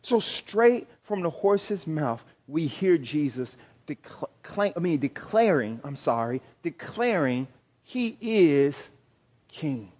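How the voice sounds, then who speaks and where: Slow, emphatic man preaching a sermon. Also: fairly high pitch, very animated. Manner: emphatic preaching, rising loud on key phrases; repeats and corrects himself mid-phrase. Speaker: pastor.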